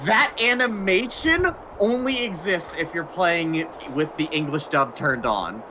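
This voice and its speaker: A man's voice: on the high side, measured pace, noisy background. A man joining a game stream, retelling stories in casual chat. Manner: storytelling, animated retelling. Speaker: stream guest.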